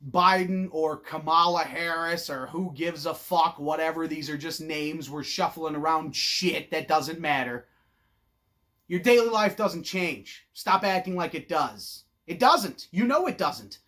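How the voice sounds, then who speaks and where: A man hosting an opinion show, ranting in a blunt, loud, profane and sarcastic way, mocking people in put-on voices. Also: fairly high pitch. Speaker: host.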